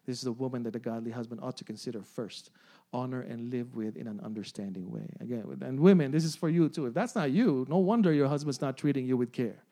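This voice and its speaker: A man's voice: medium pitch, quick pace, hardly any pauses, mellow. A man in his forties preaching a sermon, often repeating phrases, asking the congregation "amen?" and "right?", and laughing along. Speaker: pastor.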